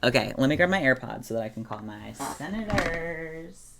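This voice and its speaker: A woman's voice: extremely low pitch, lively intonation, moderate pace, creaky, background noise. A woman chatting casually on a live stream, reading chat aloud and giving organizing tips with sarcastic asides. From Oregon, USA.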